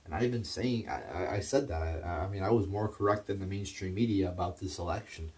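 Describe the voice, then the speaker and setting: A man's voice: low-pitched, fairly quick, darkish tone, recorded from a distance. A man delivering a heated, profane political rant, stumbling over his words and restarting as he goes. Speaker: political commentator.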